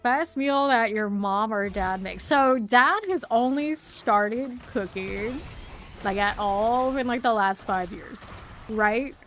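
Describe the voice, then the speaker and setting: A woman, chatting casually while streaming a video game, chatty and quick to laugh. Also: a little high, fairly bright tone, slight background noise. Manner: chatty, laughs often, trails off. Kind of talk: casual chat while gaming.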